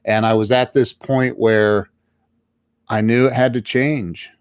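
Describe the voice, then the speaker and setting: A man's voice: mid-range voice, steady tone, takes it slowly, smooth, no room sound, clean studio sound. A man as an interview guest, telling his own story casually and emphatically, often stumbling and restarting his words.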